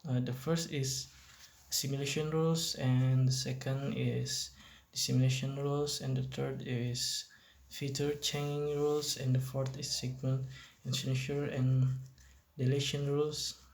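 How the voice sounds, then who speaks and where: Young guy reading his class assignment slow and hesitant, keeps restarting words, gravelly voice. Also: mid-range voice, flat delivery. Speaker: student presenter.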